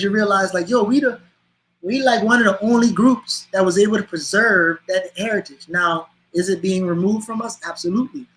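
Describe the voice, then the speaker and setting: A man from Charleston with a Charleston Lowcountry accent, speaking as an interview guest in a passionate, emphatic way with rhetorical questions. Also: a bit bright, poor audio. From Charleston, South Carolina. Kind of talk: interview conversation.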